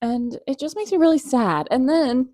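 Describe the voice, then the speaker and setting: A woman's voice: high-pitched, expressive, normal speed, dark tone, no room sound, clean studio sound. A young adult woman hosting a casual commentary vlog, chatty and gossipy with sarcastic asides. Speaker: commentary vlogger.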